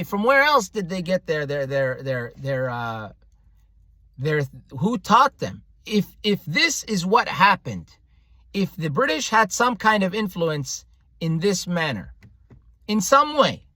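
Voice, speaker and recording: This Eritrean man's voice sits high and bright, with a forceful tone and no echo. He reads from a history book and offers sincere commentary, frequently searching for the right word and going over the same points again.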